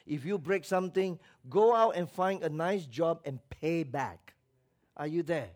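A man preaching with a high, raised voice. He is emphatic, calls on the congregation to answer him, and mocks the voices of others as he goes. His delivery swings between loud exhortation and low, quiet asides. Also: measured pace. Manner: acts out quoted voices with mocking tones. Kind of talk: sermon.

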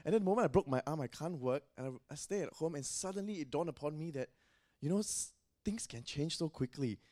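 A man's voice: on the high side, expressive, a little fast, dark tone. A man preaching a sermon in a loose, conversational way, often saying "you know.".

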